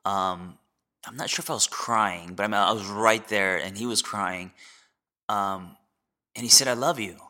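Man in his forties, lowish pitch, bright tone, candid podcast monologue, halting, lots of restarts. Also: fairly even intonation. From United States. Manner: reflective, halting with many fillers and restarts. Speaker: podcast host and therapist.

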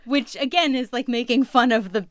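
A woman's voice: on the high side, moderate pace, dry recording. A woman guest from California, chatting hesitantly with fillers. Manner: hesitant, laughing, many "um"s. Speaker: guest, editor. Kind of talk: casual chat.

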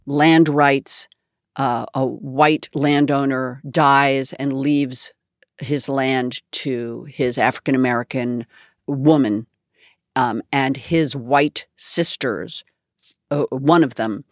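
A woman's voice: rumbling low, slow pace, dry recording, studio quality. A woman guest in a radio interview, telling an anecdote with animation and acting out quotes. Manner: animated storyteller, acts out quotes.

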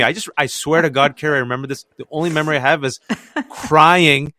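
A man in his forties tells stories from his childhood as a guest. His delivery is lively, and his pitch jumps whenever he plays his parents and teachers. The sound is close and dry, with no room echo. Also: fast talker. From United States. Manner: lively, acts out family voices with big jumps in pitch. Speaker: guest author. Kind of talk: animated storytelling in an interview.

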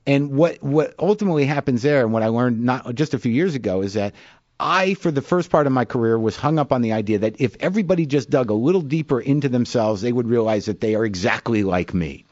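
A man's voice: mid-range voice, expressive, fast, darkish tone, no echo. A middle-aged male comedian tells confessional stories in a self-mocking, profane way. His voice sits in a middle register and is close and dry, with no room around it. The recording is slightly dull. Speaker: comedian guest. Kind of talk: candid storytelling interview.

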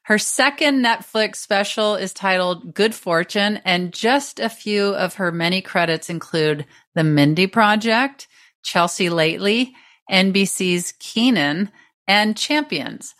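Slow dry-voiced woman host. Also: medium pitch, animated, a bit bright. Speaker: podcast host. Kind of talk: casual chat.

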